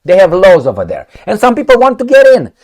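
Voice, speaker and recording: A man's voice: high-pitched, huge pitch swings, fast, a little mellow. A man hosting heated political commentary, sarcastic and indignant, firing off rhetorical questions.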